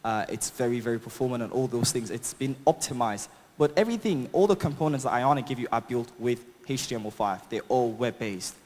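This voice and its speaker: Brisk and barely pausing, a man with a non-native English accent presents a live tech demo at a conference, his medium-pitched, slightly mellow voice full of lively intonation. He keeps things chatty and upbeat, chuckling at his own jokes and using lots of fillers. The large conference hall adds a long reverb.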